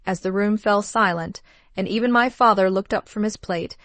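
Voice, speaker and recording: Calm woman narrating a story, dry sound. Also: mid-range voice, no echo. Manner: calm, measured, steady. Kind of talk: first-person story narration.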